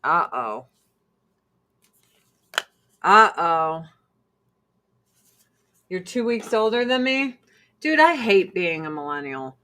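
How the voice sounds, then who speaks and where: Slow-talking, foul-mouthed woman in her forties. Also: fairly low pitch, sing-song, pushed and bright, slight background noise. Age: 40s. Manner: blunt and profane, talks to her cats. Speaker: vlog host. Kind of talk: casual livestream chat.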